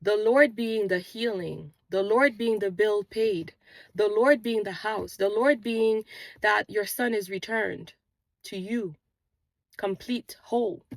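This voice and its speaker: Gravelly-voiced woman preaching spiritual encouragement. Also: mid-range voice, slow, no room sound. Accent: non-native English accent, origin unstated. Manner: earnest, repetitive preaching cadence. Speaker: manifestation channel host. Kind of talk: spiritual motivational talk. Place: outdoors on a morning walk.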